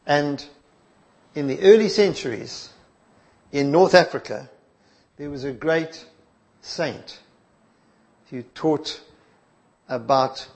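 A male preacher, delivering a sermon in a measured, emphatic way that drops to soft asides. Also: a little high.

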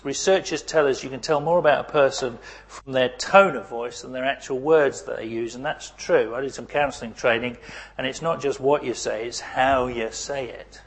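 A middle-aged man preaching a sermon. He swings between loud emphasis and near-whispered asides. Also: medium pitch, moderate pace.

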